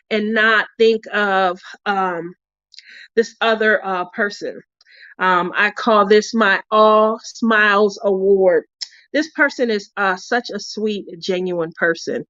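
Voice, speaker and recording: A woman's voice: mid-range voice, takes it slowly, a bit bright, no echo. A woman hosting a craft channel in casual chat, talking freely and laughing often. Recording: dull, dry lo-fi recording.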